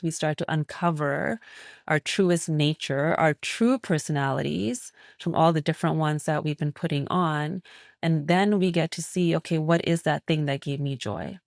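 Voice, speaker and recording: A woman's voice: low-pitched, dry recording, studio quality. A woman naturopathic physician speaking as a guest in an interview, explaining in a reflective, flowing way. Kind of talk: interview conversation.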